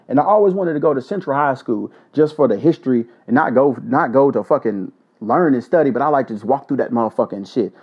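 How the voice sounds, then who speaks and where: A man hosting a casual solo podcast, blunt and profane, giving joking shout-outs. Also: on the high side, slightly rough. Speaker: podcast host. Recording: dull lo-fi audio.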